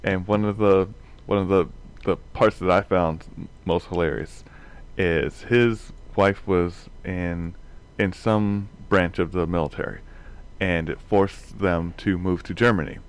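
A man's voice: sits low, fairly even intonation, a little slow, smooth. A man in a casual group chat, telling rambling anecdotes and chuckling often as he goes.

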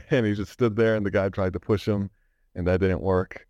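A man's voice: low voice, steady tone, moderate pace, darkish tone, no echo, highs cut off. A man co-hosting a podcast, telling stories in a rambling way and laughing as he goes. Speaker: podcast co-host. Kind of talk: casual chat.

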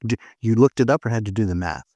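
A man hosting a casual chat, asking quick teasing questions. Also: on the low side, animated, mellow, no room sound.

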